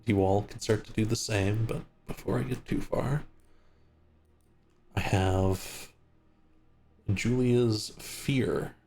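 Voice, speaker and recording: A man narrating as game master of a tabletop game, in a relaxed, easygoing way. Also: fairly low pitch, slow pace, pauses often, slight background noise.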